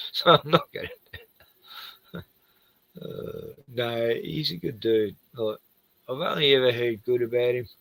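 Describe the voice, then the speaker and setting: Gravelly, tired man rambling. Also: mid-range voice, slow, long pauses, fairly bright tone, no echo, low-quality recording. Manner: rambling, swears a lot, trails off often. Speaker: streamer. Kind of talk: casual late-night chat.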